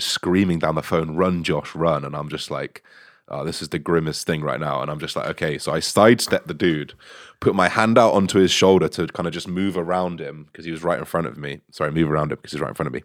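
A young man with a deep, low-pitched voice talks in a relaxed, animated way, full of swearing and quick laughs. His voice is recorded close and dry, with no room sound. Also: no room sound. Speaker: online fitness coach, guest. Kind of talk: casual podcast storytelling.

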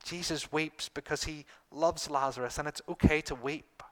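Middle-aged pastor guy giving a sermon, kinda high voice, earnest, repeats lines for emphasis. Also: steady tone, moderate pace.

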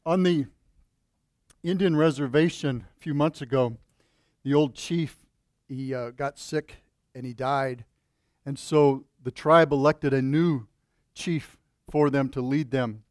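A man's voice: medium pitch, fairly even intonation, slow, long pauses, darkish tone, no echo, clean studio sound. A man preaching as a pastor at a church service, praying earnestly and then telling a folksy joke with many fillers and restarts. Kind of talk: sermon with opening prayer.

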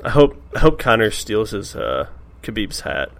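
A man's voice: on the low side, big pitch swings, normal speed. A man co-hosting a podcast, chatting casually with short agreeing replies and jokes. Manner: laid-back, short agreeing replies, joking. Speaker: podcast co-host. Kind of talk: casual chat.

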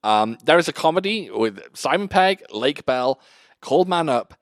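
A man co-hosting a casual podcast chat about films, animated and swearing freely, laughing easily. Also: fairly high pitch, normal speed, no room sound, studio quality. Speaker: podcast co-host.

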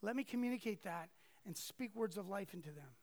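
A man's voice: high voice, animated, brisk, gravelly, dry recording. A man preaching a sermon to a congregation, speaking conversationally and animatedly, with asides and acted-out quotes. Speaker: pastor.

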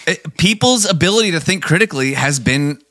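A man's voice: on the high side, animated, a little fast, bright, forceful tone, no room sound, clean studio sound. A man co-hosting a podcast, ranting in casual, profane, incredulous chat. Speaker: podcast co-host.

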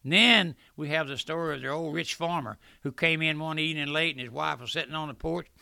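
An older man preaching a fervent radio sermon, swelling loudly at points and breaking into asides. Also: on the high side, a little fast, vocal fry, dry recording.

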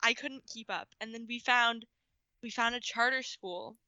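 A woman co-hosting a radio talk show, recounting her past earnestly and pausing to search for words. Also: on the high side, pushed and bright, clean tone, no echo, highs cut off. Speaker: co-host. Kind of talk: casual radio interview.

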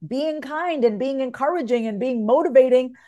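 Animated, frank woman who swears casually. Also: high voice, normal speed, dull audio. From United States. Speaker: guest. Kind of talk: casual podcast interview.

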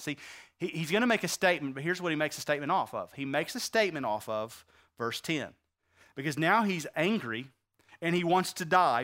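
A man preaching a sermon, acting out the quotes he reads and swinging between loud outbursts and hushed lines. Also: fairly high pitch.

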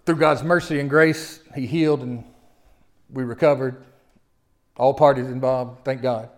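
A man in his forties preaching a sermon, moving from quiet personal storytelling to loud, impassioned exhortation. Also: medium pitch, steady tone, unhurried. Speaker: pastor.

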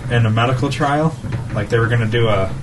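A man hosting a podcast, telling stories in a relaxed, rambling way full of fillers. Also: mid-range voice, fast talker, heavy background noise. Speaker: podcast host. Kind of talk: casual chat.

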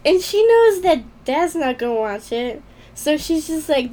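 A young woman co-hosting a podcast, telling stories in a tired, deadpan casual way. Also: high-pitched, normal speed. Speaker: podcast co-host. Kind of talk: casual chat.

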